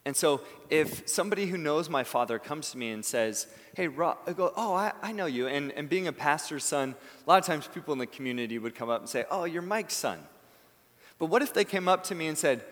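Earnest pastor preaching in a reverberant hall. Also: male voice, on the high side, lively intonation, brisk. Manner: earnest, building to emphatic peaks then dropping soft. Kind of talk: sermon.

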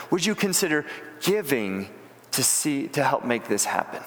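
A man's voice: a little high, very animated, unhurried, fairly bright tone, big-room sound. A man preaching a sermon, earnest and plain-spoken, often restarting his words. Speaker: pastor.

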